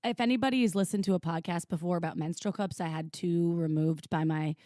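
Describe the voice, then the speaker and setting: A woman's voice: on the low side, steady tone, a little fast, mellow, dry recording, clean studio sound. A woman co-hosting a podcast, bubbly and teasing in casual chat. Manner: bubbly, teasing, laughs often. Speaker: podcast co-host, sex toy industry executive.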